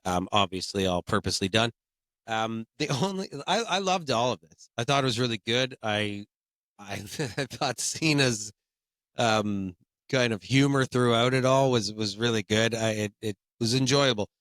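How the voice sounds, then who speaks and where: A man's voice: mid-range voice, normal speed, fairly bright tone, no echo. Sniffly man podcast co-host. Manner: hesitant, with frequent ums and self-restarts. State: sniffly from a cold. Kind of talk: casual chat.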